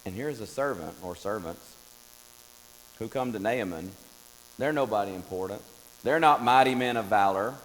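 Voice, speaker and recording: A man preaching a Bible study in a church, telling the story with lively acted-out voices. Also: fairly low pitch, normal speed, pauses often. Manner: animated storytelling, acts out voices of Bible figures. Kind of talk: Bible class teaching. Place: church classroom. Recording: long hall reverb with faint mains hum.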